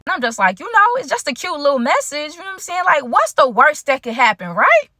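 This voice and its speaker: A woman's voice: sits high, big pitch swings, fast talker, bright, forceful tone, no echo, studio quality. A woman telling a personal story to her viewers in a casual storytime vlog, slangy and chatty, talking straight to the audience. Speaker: content creator telling a story.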